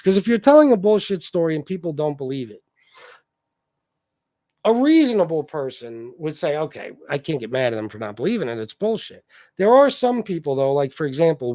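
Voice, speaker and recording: A man's voice: high-pitched, darkish tone, no echo, clean studio sound. A man hosting a livestream, ranting in heated, profane, repetitive commentary. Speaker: livestream host.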